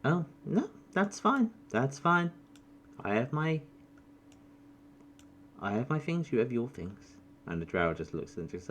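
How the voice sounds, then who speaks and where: Woman, game master, lively pitch, laughs a lot, casual swearing, faint hiss. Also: measured pace, long pauses. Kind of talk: narrating a tabletop game.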